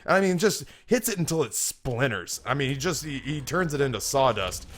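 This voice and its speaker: A man's voice: mid-range voice, animated, brisk, fairly bright tone. Rambling male game commentator. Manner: rambling, stammering restarts. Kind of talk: casual gameplay commentary and joke telling.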